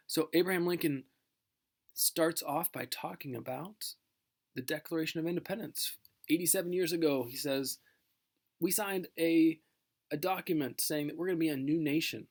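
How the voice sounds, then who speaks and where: Man teaching a relaxed history lesson. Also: a little high. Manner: conversational with many fillers and restarts; reads a famous speech aloud in a measured voice. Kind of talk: recorded history lecture.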